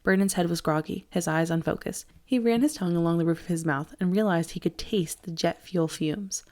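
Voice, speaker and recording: A woman teacher reading a novel aloud with steady expression. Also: lowish voice, a little fast. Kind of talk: audiobook read-aloud.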